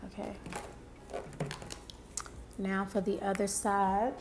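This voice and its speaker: A woman's voice: medium pitch, flat delivery, background noise. A young woman talking viewers through her makeup routine in a casual, chatty way, often addressing them directly and talking to herself. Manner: chatty, talks to viewers and herself, drawn-out exclamations. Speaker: beauty vlogger.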